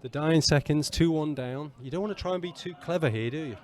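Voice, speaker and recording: A man co-hosting a casual football chat outdoors at a ground, playfully teaching Italian words slowly and patiently between remarks on the match. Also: on the high side. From England. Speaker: podcast co-host. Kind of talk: casual match commentary and banter.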